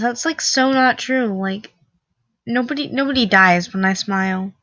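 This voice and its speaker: A teenage girl chats sarcastically through an online quiz, peppering every thought with "like". She talks in a slow, unhurried way. The recording is dull and lo-fi, close and dry with no room sound. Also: a little high, fairly bright tone, no room sound. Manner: chatty, sarcastic, lots of "like". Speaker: vlogger taking an online quiz. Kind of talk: casual quiz reaction commentary.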